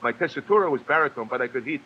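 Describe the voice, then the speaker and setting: A man from New York, a guest actor and singer, telling stories in a halting way with many restarts and fillers. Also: medium pitch, animated, muffled recording. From New York, USA. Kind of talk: casual storytelling interview.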